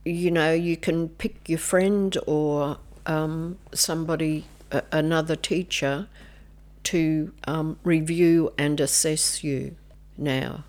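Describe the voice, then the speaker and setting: A woman's voice: deep voice, fairly even intonation. An older woman, a nun and former educator, chatting as a podcast guest with many hesitations. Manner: slow, hesitant, with many ums and soft asides. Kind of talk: casual podcast chat.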